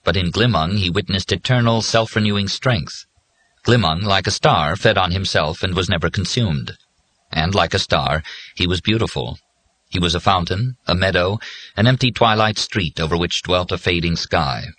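A man reads a novel aloud in a measured, even way. His voice is very deep, and his tone is bright and forceful. He delivers it as steady scripted narration. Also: husky. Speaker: audiobook narrator.

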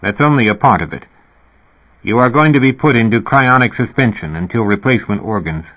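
A man voicing a calm, formal male doctor with a measured, clinical delivery, over a phone-like narrow sound. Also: fairly low pitch.

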